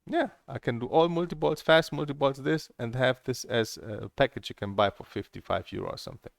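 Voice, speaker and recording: A middle-aged man with a gravelly, rough edge to his voice talks through his stories and plans in a loose, candid ramble. He swears freely and speaks as a table tennis coach addressing his viewers. The sound is close and dry, with no room around it. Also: mid-range voice, brisk, dry recording. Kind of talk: casual rambling monologue.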